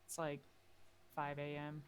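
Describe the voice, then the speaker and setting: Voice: mid-range voice, monotone, a little slow, slight background noise. A player in a tabletop game, casually narrating a character's actions with fillers.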